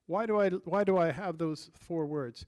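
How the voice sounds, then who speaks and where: A man's voice: sits high, normal speed, a little mellow. A man preaching a sermon as pastor, reading scripture aloud and guiding the congregation through the text. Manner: teaching, reads scripture aloud and directs the congregation.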